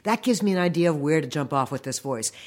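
A man who works as a voice director, telling studio stories in a conversational interview, lively and animated. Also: a little high. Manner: fast, animated storytelling with acted-out quotes.

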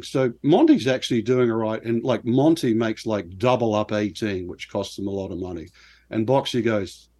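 A middle-aged man from New Zealand, a former pro golfer, telling lively, self-deprecating stories as an interview guest. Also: mid-range voice. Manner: animated anecdotes with self-deprecating laughs. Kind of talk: casual storytelling interview.

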